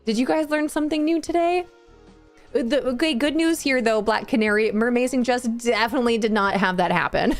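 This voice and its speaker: Giggly woman streamer over soft music. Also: on the high side, moderate pace. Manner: giggly and bubbly, laughs often, chats with viewers. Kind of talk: casual live-stream chat. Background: faint game music.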